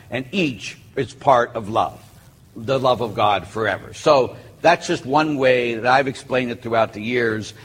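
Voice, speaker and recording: A man, a Catholic priest, giving a live talk to an audience, telling stories with humor. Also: medium pitch. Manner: animated storytelling with humor. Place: church or hall with a live audience. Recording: echoey hall with faint noise.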